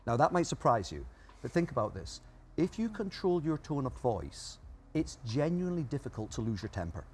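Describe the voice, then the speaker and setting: A man being interviewed as a guest expert explains ideas emphatically, listing his points one by one. His medium-pitched, darkish voice swings widely in pitch at a normal speed, with slight background noise.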